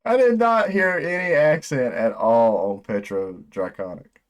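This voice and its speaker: Excitable, swearing man reacting to music. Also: on the low side, a little slow. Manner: excitable, profane, rambling. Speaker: music reaction video host. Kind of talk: casual reaction commentary.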